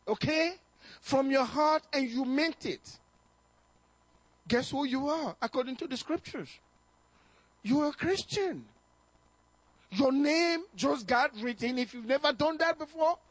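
A male pastor preaching a fervent sermon to his congregation, exhorting them with bursts of shouting and chuckles. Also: extremely high pitch, no room sound. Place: church service.

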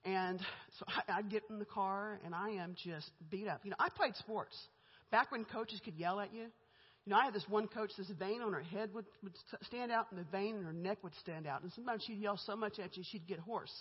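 A woman's voice: mid-range voice, a little fast, breathy edge. A middle-aged woman giving a candid, chatty church testimony about her own life, laughing between lines. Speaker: guest speaker giving a testimony. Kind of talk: church testimony, conversational storytelling. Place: church sanctuary. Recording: echoey church hall, muffled.

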